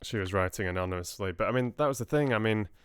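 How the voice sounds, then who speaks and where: A man chats casually with his livestream viewers, wandering from thought to thought. His voice sits low and sounds smooth and resonant. The close mic makes it dry, with no room sound. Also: fast, dry recording. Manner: chatty and rambling, answering viewers' chat with laughs. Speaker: livestream book club host.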